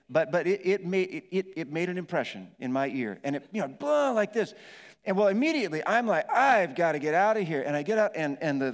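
Animated pastor telling a story in a hall. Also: male voice, fairly high pitch. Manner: animated storytelling, acts out yelling and moaning. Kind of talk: storytelling sermon.

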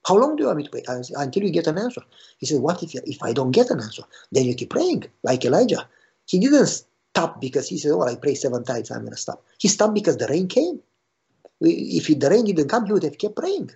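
Husky gravelly preacher guy telling a story, mellow tone, kinda lo-fi muffled recording. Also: a little fast. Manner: animated, acts out dialogue with rising pitch. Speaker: pastor. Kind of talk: sermon storytelling. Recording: dull lo-fi recording.

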